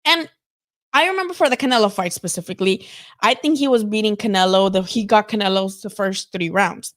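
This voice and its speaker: A woman's voice: medium pitch, brisk, a bit bright. A woman hosting a live boxing talk stream, chatting casually and animatedly, swearing freely and filling with "like" and "you know". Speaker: boxing show host.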